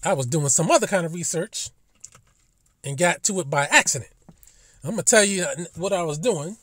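A man's voice: high voice, lively intonation, normal speed, fairly bright tone, no room sound. A man giving a casual commentary monologue as a vlogger, profane and emphatic, with indignant rhetorical questions.

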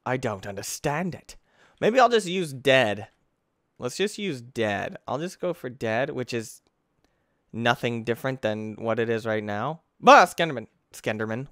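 A young man from the United States giving let's play commentary as a gaming YouTuber, easily frustrated, talking to the game and bursting into yells. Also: mid-range voice, no room sound, clean studio sound.

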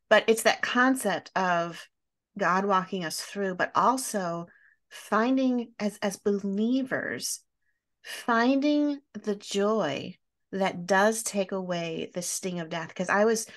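A woman podcast host talks with a guest in a tender, reflective way. Her voice softens and drops when she comes near tears. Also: lowish voice, unhurried. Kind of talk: heartfelt interview conversation.

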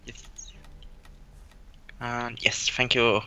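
A co-player in a casual let's-play who mostly mutters softly to themselves, often half-whispered. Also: medium pitch, level tone, drawn-out words, clear, resonant tone.

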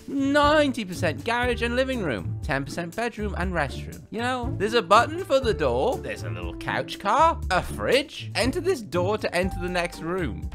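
A gaming video host giving playful commentary, cracking jokes, laughing often and reacting quickly to what appears on screen. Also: mid-range voice. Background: background music.

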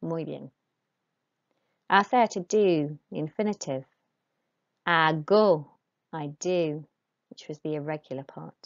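Lowish-voiced woman teacher, muffled sound. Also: slow pace, pauses often. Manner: clear, patient instructions with Spanish modelled aloud. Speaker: Spanish teacher. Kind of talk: recorded online lesson.

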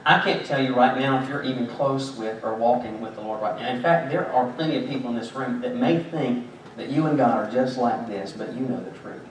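A man's voice: mid-range voice, brisk. A man preaching a sermon as pastor, in a conversational, joking storytelling way. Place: church sanctuary. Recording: very echoey church, distant mic, background noise.

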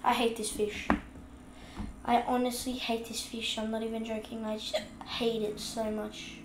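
A woman giving casual gameplay commentary, chatting along and scolding the fish in the game out loud while she has the hiccups. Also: on the high side, little pitch movement, unhurried, reverberant, noisy background. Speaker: gaming video host.

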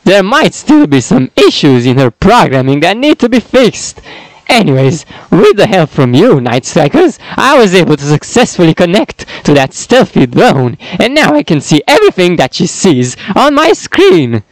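A man's voice: sits high, huge pitch swings, normal speed, dry recording, rough recording. A man voicing a villainous male zombie scientist boss in a fan dialogue he reads aloud, bossy and scheming.

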